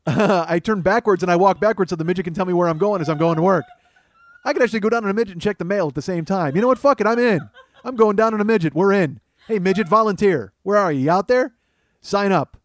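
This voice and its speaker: Middle-aged male comedy podcaster, quick, profane, rambling monologue. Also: high voice, dry recording. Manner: rambling, profane, self-amused.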